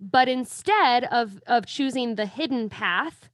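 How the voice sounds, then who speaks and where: Earnest woman author, bright dry voice. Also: a little high, animated, dry recording. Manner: earnest, affirming, slows to stress points. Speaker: author guest. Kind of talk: faith-based reflective talk.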